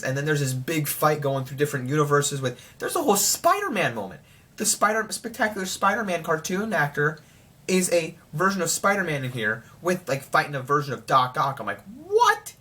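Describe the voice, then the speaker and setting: Excitable young man with a bright voice. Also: on the high side. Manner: excitable, rambling. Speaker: TV show reviewer. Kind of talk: casual spoiler review.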